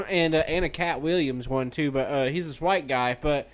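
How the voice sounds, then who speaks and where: A young man chatting casually as a podcast co-host, rambling and swearing, laughing often. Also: normal speed. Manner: rambling, profane, laughs a lot, jumps into high put-on voices. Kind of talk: casual chat.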